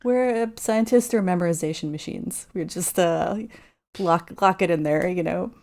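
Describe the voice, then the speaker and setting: A woman scientist appearing as a podcast guest, talking in a relaxed, easygoing way. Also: on the low side, normal speed. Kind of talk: casual chat.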